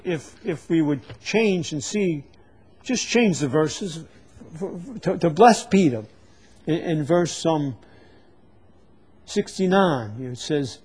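A man's voice: a little high, darkish tone, slightly rough. A man preaching a sermon to a live congregation, teaching from the Bible and often stopping to repeat words as he searches for them.

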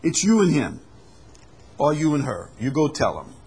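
A man's voice: on the high side, big pitch swings, normal speed, a little mellow, breathy edge. A male pastor preaching a sermon, earnest, repeating words as he explains scripture. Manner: earnest, repeats words, acts out quoted apologies.

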